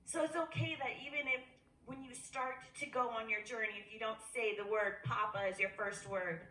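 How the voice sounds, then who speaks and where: A woman giving an informal sermon, animated, acting out quoted voices with jumps in pitch. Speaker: speaker at a worship gathering. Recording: echoey room, voice from a distance.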